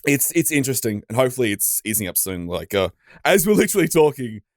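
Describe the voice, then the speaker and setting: Lively Australian man, casual podcast chat. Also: medium pitch, fast, no echo, studio quality. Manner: swears freely, checks stats aloud. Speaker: podcast co-host.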